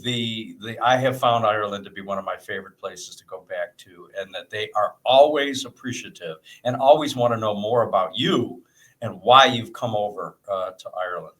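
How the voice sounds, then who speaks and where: A man's voice: fairly low pitch, a bit bright. Joking, chatty man interviewer. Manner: joking, chatty, many restarts. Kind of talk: casual interview. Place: indoors.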